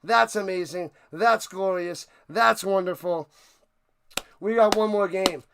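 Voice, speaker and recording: Streamer host, male, high gravelly voice gone hoarse, breathless, shouting excitedly. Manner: hyped, shouting, repeats phrases. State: hoarse, losing his voice. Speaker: live-stream watch party host. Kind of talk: excited live-stream sports commentary.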